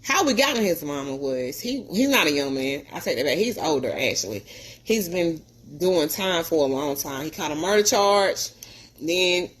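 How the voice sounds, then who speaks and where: Speaking in a low voice at normal speed, with some background noise, a woman hosts a podcast and tells stories. Her monologue is earnest and preachy, and she animatedly voices the people she quotes.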